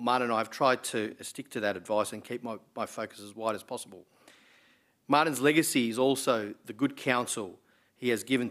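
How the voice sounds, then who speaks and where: A man's voice: mid-range voice, a bit bright. Earnest Australian man giving a eulogy. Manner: measured, earnest delivery with occasional fillers. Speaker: member of parliament giving a memorial speech. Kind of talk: formal memorial address.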